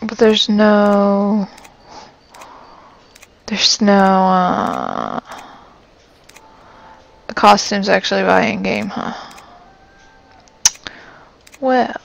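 A woman playing an online game while talking, swearing and reacting loudly as she goes. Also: mid-range voice, drawn-out words, gravelly, long pauses, highs cut off. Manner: loud, swearing, excitable. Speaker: gamer. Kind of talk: live gameplay commentary. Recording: game music behind voice.

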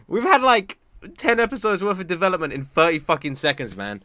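Excitable young man reacting to anime. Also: high-pitched, fast talker. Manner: excitable, swears freely. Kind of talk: casual reaction chat.

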